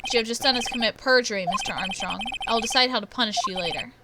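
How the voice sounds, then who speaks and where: A woman's voice: fairly high pitch, racing, very noisy, close to an everyday voice. A woman reading a stern courtroom judge. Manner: formal, ruling. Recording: loud game music underneath.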